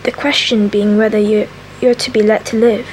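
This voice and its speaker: A woman voicing a fierce, gruff male convict in a soft whispered role-play reading. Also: medium pitch, little pitch movement, normal speed, slight background noise, lightly acted, rough recording. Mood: threatening. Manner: attempts a rough regional accent.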